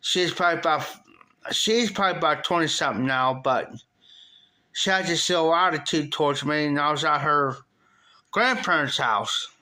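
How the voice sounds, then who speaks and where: Animated, bright-voiced middle-aged American man. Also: on the high side, normal speed. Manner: rambling, repeats phrases, animated when quoting himself. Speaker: live streamer. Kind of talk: casual storytelling to chat.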